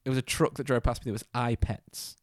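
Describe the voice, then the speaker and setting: A man's voice: medium pitch, fairly even intonation, fast, no echo, studio quality. A young man, co-hosting a casual podcast and joking around, giggling and swearing casually. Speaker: podcast co-host. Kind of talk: casual chat. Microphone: close podcast mic.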